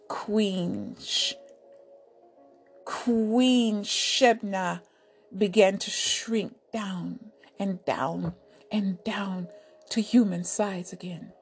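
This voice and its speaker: A woman narrating a folk tale in a soft, deliberate storytelling manner. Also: medium pitch, steady tone, breathy edge, soft background music.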